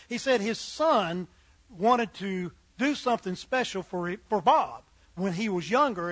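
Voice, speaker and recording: Folksy high-voiced male preacher telling stories. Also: fairly bright tone, no room sound, rough recording. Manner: folksy storyteller acting out characters. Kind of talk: sermon with humorous stories.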